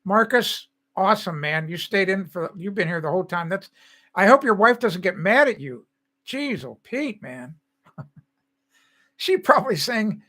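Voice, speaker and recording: A man's voice: high-pitched, expressive, a little slow, pushed and bright. An older man hosting a live stream, chatting casually with viewers in a rambling way and laughing often.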